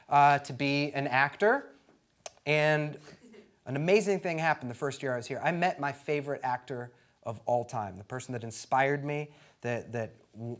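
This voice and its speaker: Man in his 30s telling stand-up stories. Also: a little high. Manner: animated, acts out quotes in sudden loud bursts. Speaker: stand-up comedian. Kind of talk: stand-up comedy storytelling. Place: comedy stage before a live audience.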